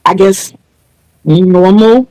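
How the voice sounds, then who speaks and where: A woman's voice: mid-range voice, drawn-out words, dark tone, no room sound, poor audio. A woman hosting a casual video interview, speaking earnestly and explaining things at length with small restarts. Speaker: channel host interviewing a guest.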